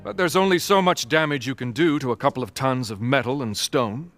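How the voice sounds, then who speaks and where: A man voicing a confident, measured adult man in a game cutscene. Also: mid-range voice, fairly bright tone, faint music behind, natural voice. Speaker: game character. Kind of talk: video game cutscene acting.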